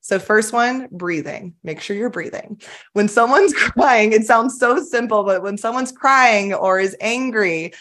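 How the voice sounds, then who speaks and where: A woman's voice: fairly high pitch, a little slow, a bit bright. A woman, a therapist, explaining her approach in a casual, earnest and upbeat podcast interview. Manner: earnest, upbeat, enthusiastic coaching tone. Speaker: somatic attachment therapist, guest.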